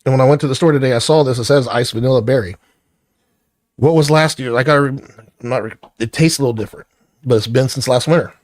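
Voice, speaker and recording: A man's voice: medium pitch, fast talker, no room sound. Angry profane man venting in a dry room. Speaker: vlogger. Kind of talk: angry personal rant to camera.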